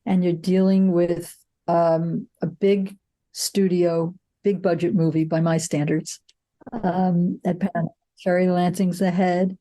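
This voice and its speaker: A woman's voice: fairly low pitch, level tone, unhurried, mellow. An older woman, a film producer, answering interview questions with reflective stories and frequent restarts. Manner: reflective storytelling, frequent "you know" and restarts.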